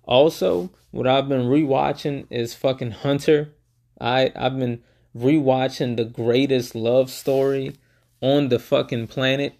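A young man giving casual reaction commentary, excitable and profane, retelling scenes in quoted bursts. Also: mid-range voice, unhurried, creaky. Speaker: reaction video host.

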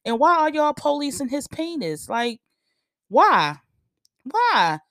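Woman, blunt profane rant, animated, dry close sound. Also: high voice, slow pace, dry recording. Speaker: podcast host. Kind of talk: casual opinion rant.

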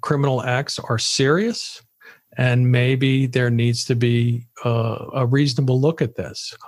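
A man's voice: mid-range voice, fairly even intonation, a little slow, no echo, clean studio sound. Man co-hosting a political podcast. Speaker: podcast co-host. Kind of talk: casual political chat.

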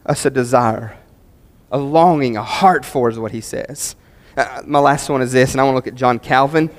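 A man's voice: medium pitch, big pitch swings, moderate pace, in a large hall. A male pastor preaching a sermon, emphatic and building to fervent peaks on key phrases.

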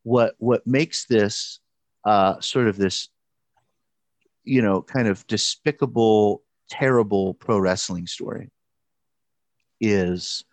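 Low-voiced man retelling a story haltingly. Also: no room sound. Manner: halting, many restarts and fillers. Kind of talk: casual storytelling.

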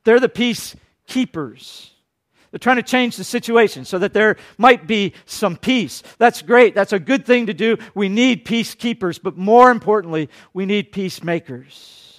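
Guy preaching, pretty high voice, gets loud then drops real quiet. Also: normal speed. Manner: preaching, acts out quoted voices, swings between loud and hushed. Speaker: pastor. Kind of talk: sermon.

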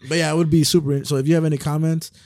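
A man's voice: on the high side, level tone, very fast, a little mellow, dry recording, clean studio sound. A young man co-hosting a podcast in casual chat, laid-back and rambling, swearing and laughing often. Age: young adult. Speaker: podcast co-host.

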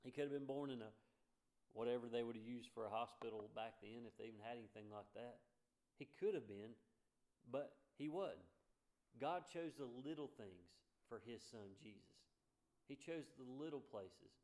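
A man preaching a sermon, with a repetitive rhythmic cadence. He swells to loud, emphatic peaks and then drops soft and slow. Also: mid-range voice.

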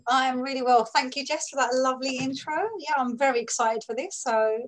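A woman's voice: high-pitched, steady tone, a little fast. London woman on a podcast, chatty and easygoing, talking about her coaching. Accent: London English. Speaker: business coach, podcast guest. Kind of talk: conversational interview.

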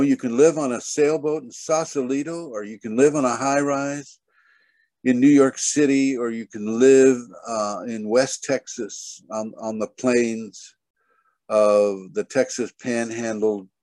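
A man's voice: medium pitch, fairly even intonation, a little slow, darkish tone, dry recording. A man giving a spiritual teaching over a video call, rambling and filling his talk with "you know" and "okay". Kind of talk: spoken online teaching.

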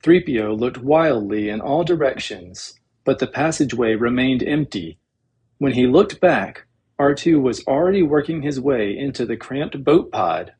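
A man reading a novel aloud as an audiobook narrator, in a measured, dramatic storytelling manner with a husky voice. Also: medium pitch, lively intonation, darkish tone.

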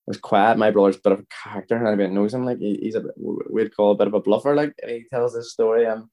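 A man's voice: on the low side, steady tone, racing, dark tone. A Northern Irish man in his thirties, a footballer guest telling rambling anecdotes in casual podcast talk, often checking in with the listener. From Northern Ireland. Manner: rambling, anecdotal, frequent restarts and "you know what I mean".

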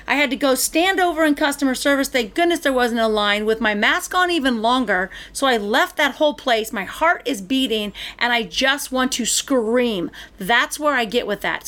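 A woman's voice: on the high side, a bit bright. A middle-aged woman in casual chat, ranting animatedly as she tells a story and acts out both sides of the exchanges.

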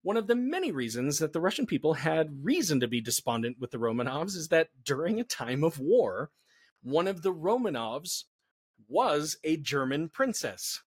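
A man's voice: fairly high pitch, moderate pace, breathy edge, no echo, clean studio sound. A man as a podcast guest, telling history in a casual, jokey way. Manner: animated, jokey storyteller.

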